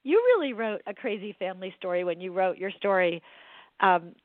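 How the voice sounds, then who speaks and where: A woman's voice: mid-range voice, fairly quick, no echo. A middle-aged woman, a book editor, telling family stories with laughs in a casual interview. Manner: chatty, laughing storyteller. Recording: tinny dry phone line.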